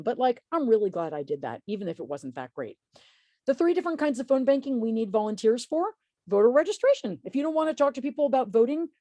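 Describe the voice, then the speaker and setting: A woman's voice: mid-range voice, warm tone, dry recording, studio quality. A woman presenting a webinar in a chatty, earnest way, full of "like" and "um", acting out quoted phone calls. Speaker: webinar presenter on political activism. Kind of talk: casual, conversational presentation.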